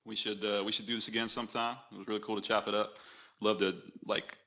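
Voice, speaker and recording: A man talking as a podcast guest in casual chat, relaxed and rambling with frequent restarts. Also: on the low side, fast.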